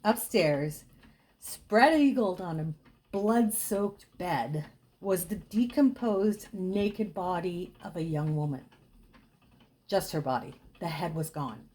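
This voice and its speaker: A woman casually telling a gruesome true ghost story, dropping to a hush for the grisly details. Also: fairly low pitch, expressive, slow. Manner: chatty with dramatic hushed dips.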